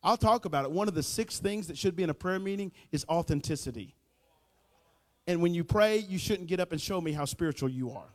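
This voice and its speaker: Male pastor, high tenor, folksy fervent preaching, big echoey church sound. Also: lively intonation, a little fast. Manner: folksy, preachy, builds to shouting emphasis. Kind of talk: sermon. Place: church sanctuary.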